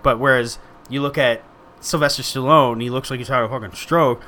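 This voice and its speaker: A man's voice: medium pitch, steady tone, a little fast, bright, forceful tone. A man hosting a podcast in casual chat, teasing and profane. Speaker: podcast host.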